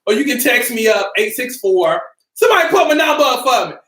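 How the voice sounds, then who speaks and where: A woman hosting a casual live stream, upbeat and greeting her viewers by name, sometimes calling out loudly. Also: fairly high pitch, very animated, a little fast. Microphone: camera mic. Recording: roomy echo.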